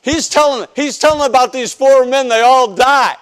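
A pastor from the northern United States preaching a personal testimony sermon, telling his story with animated, joking storytelling that acts out scenes. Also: very high voice, normal speed, clear, resonant tone.

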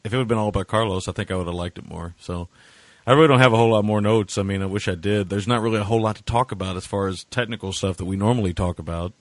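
A man with a lowish voice chats casually about a bad film, speaking in loose, sarcastic asides full of filler words. The recording is close and dry, with no room sound. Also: rapid-fire, no room sound. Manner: sarcastic, rambling with many fillers. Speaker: podcast co-host. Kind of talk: casual movie review chat.

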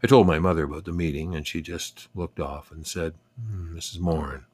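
An older man narrating a personal memoir in a reflective, unhurried, wry way. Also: very deep voice, steady tone, a little mellow, slightly rough, no echo. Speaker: storyteller.

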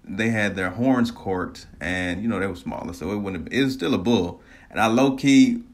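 Man, lowish voice, casual storytelling, animated, laughs a lot, swears freely. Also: moderate pace.

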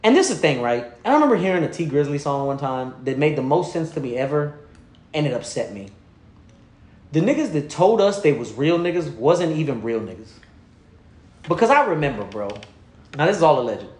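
A man telling stories in a loose, profane, slang-heavy way, his voice sitting a bit high and swinging up and down with energy. He laughs through the funny bits and sinks low and hushed when quoting someone. The room adds a noticeable echo. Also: very animated, brisk. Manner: drops low and quiet when quoting others. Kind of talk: casual storytelling chat. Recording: roomy echo.

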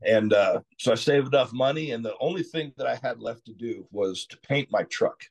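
A middle-aged man from Texas, a podcast guest telling his story candidly, rambling and clearing his throat often. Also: mid-range voice, normal speed. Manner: frequent "you know" asides.

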